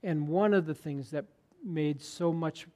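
A man preaching a sermon as pastor, earnest and conversational, sometimes dropping to a hushed tone for emphasis. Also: on the high side, unhurried.

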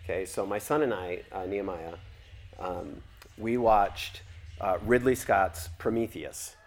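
A man's voice: low-pitched, measured pace. A man teaching a church theology seminar, talking conversationally and asking the class questions.

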